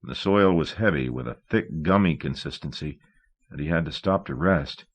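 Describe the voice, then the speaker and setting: A man narrating a novel in a measured, steady audiobook reading. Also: rumbling low, slightly rough.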